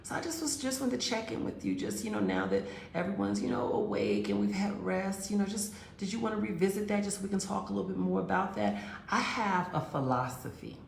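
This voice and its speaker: Gravelly-voiced woman telling a relationship story. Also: medium pitch, big pitch swings, fairly quick, a little hiss or hum. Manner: acts out both sides of conversations; direct, addresses listeners as girls and honey. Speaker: relationship advice speaker. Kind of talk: casual storytelling with advice. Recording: roomy echo.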